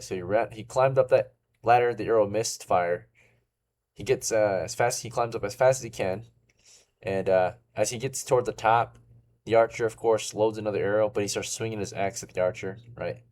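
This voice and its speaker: A man's voice: fairly low pitch, steady tone, fairly quick, darkish tone. A man narrating as game master of a tabletop role-playing game, talking casually with many fillers.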